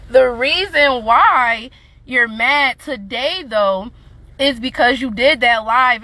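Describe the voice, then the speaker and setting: A young woman with a high, bright voice lets loose in a heated livestream rant. She mocks and swears, breaking into scornful laughter as she goes. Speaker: livestreamer responding to her child's father.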